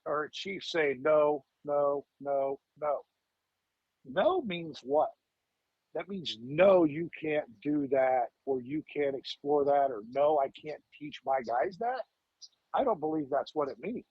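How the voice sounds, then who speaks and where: Man, 50s, podcast guest, emphatic, rhetorical questions, husky, dry close sound. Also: a little high, big pitch swings, unhurried, dry recording, muffled recording. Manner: emphatic, repeats words, asks rhetorical questions. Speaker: fire lieutenant guest. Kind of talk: podcast interview.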